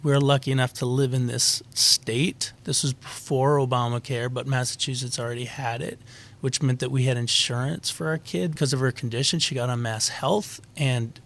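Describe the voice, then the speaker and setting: Gravelly-voiced man telling a candid story. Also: medium pitch, steady tone, moderate pace, a bit bright. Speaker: guest musician. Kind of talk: conversational interview.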